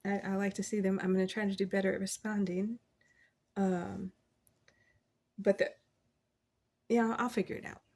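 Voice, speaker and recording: A woman giving a casual, encouraging tarot reading, chatty and quick to laugh, quoting scripture as she talks. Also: medium pitch, little pitch movement, darkish tone. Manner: quotes scripture. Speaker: tarot reader.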